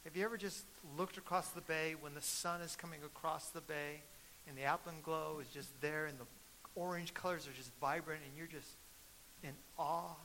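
Middle-aged male pastor, bright forceful tone, storytelling sermon that swells to loud emphasis. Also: a little high, steady tone, moderate pace, slight background noise, low-quality recording.

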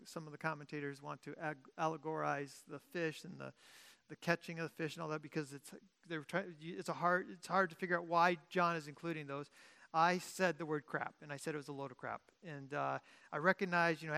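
A pastor gives a sermon in the form of an informal teaching talk, his voice creaky. He moves between loud, insistent emphasis and quiet, understated asides, often restarting and correcting sentences mid-thought.

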